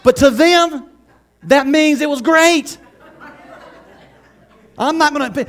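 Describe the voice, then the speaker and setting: A man preaching a sermon as pastor, conversational and lively, laughing often and acting out quotes. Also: extremely high pitch, unhurried, long pauses.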